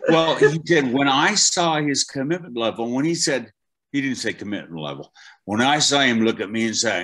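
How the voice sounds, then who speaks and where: An older man who teaches voice acting is a guest in a conversational interview, telling stories animatedly and often restarting his sentences. His voice is medium-pitched at a moderate pace.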